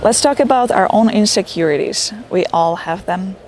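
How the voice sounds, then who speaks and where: A woman's voice: medium pitch, normal speed, over loud music. A middle-aged woman, not a native English speaker, talks straight to the camera in an earnest, encouraging vlog tutorial. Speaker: YouTuber giving tips.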